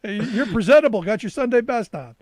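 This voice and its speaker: A man hosting a talk show, asking questions in a quick, eager way with stumbling restarts. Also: extremely high pitch, expressive, no echo. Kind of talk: interview questions.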